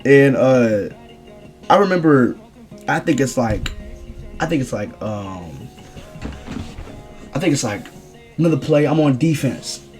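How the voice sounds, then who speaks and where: A young man rambling through a casual storytime vlog in slangy, animated speech. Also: mid-range voice, a little slow, long pauses, soft background music. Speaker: streamer telling a story.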